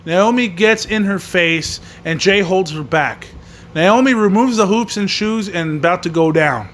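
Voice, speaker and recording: A man's voice: sits high, measured pace, fairly bright tone, slight background noise. A man hosting a wrestling podcast, recapping a show and ranting angrily with constant swearing. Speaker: podcast host reviewing wrestling. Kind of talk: profane rant recapping a show.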